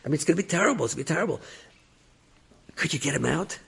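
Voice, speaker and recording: A man's voice: a little high, animated, rapid-fire, gravelly, fairly bright tone, slightly rough, voice pushed up, full character voice. A man voicing a shrewd, persistent rabbi who coaxes and persuades. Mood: pleading. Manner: coaxing, persuasive.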